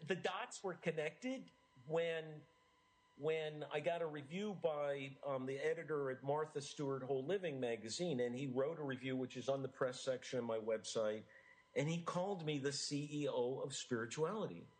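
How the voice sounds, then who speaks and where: A middle-aged man from the United States, an author being interviewed, talking in an earnest, animated way with frequent restarts. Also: on the high side, poor audio. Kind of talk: enthusiastic interview talk.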